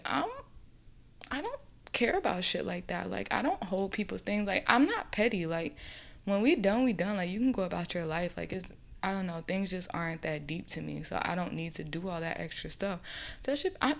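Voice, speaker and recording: A woman co-hosting a podcast, telling a story in casual chat, animated and full of "like", sometimes dropping to a whisper. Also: medium pitch, moderate pace, gravelly. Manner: animated, many "like"s, drops to a whisper for asides. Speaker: podcast co-host.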